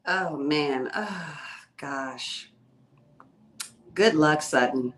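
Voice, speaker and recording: A woman panelist on a live recap show, talking casually with quick, expressive quips. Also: low-pitched. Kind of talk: casual chat.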